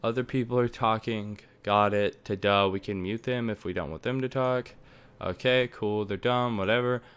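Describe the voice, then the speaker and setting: A man's voice: lowish voice, fairly even intonation, moderate pace, fairly bright tone, clean tone. Rambling young man explaining recording gear. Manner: rambling, filler-heavy, offhand. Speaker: tech tutorial maker. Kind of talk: casual screen-recording tutorial. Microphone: desktop USB microphone.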